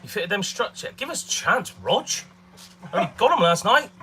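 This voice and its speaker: Man, fairly high voice, lively sing-song delivery, playful banter, faint hiss behind. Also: normal speed. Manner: playful, teasing, chatty. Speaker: co-host of a car vlog live chat. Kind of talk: casual banter on a livestream. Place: car workshop.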